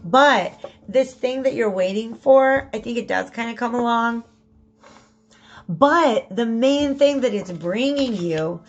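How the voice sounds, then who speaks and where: A woman's voice: on the high side, highs cut off. A woman giving a casual spoken tarot reading, chatty and prone to repeating herself, often checking in with "okay?". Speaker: tarot reader.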